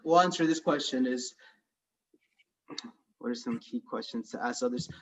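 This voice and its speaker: A man's voice: medium pitch, moderate pace. A man with a Southern Californian accent, chatting hesitantly as a guest on a video call. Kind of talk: casual chat. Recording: distant, muffled video-call audio.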